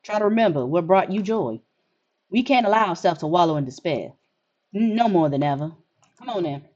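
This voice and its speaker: A woman's voice: on the low side, expressive, fairly quick, a little mellow, muffled recording, pitched below the performer's own voice. A woman reading as a relentlessly cheerful man. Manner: upbeat, reassuring.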